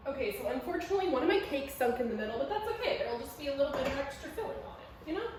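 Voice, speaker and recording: A young woman talks her way through baking in a home kitchen, excitable and laughing at her own mess. Her voice sits a little high and swings lively up and down. The kitchen gives it a noticeable echo. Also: racing, background noise. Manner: chatty, excitable, self-mocking. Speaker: vlogger. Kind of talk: casual cooking vlog.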